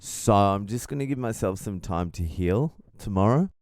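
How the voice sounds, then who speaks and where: A man's voice: fairly low pitch, expressive, moderate pace, a little mellow, no room sound. A man, a comedian hosting a casual podcast, telling stories in a blunt, profane, comic way. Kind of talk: casual storytelling monologue.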